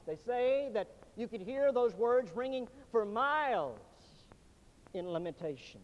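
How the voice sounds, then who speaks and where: A pastor delivers a sermon in a high, sing-song voice at a slightly slow pace, swinging dramatically from loud declarations to almost hushed lines. The audio is dull and lo-fi, and his words echo with the long reverb of a church sanctuary.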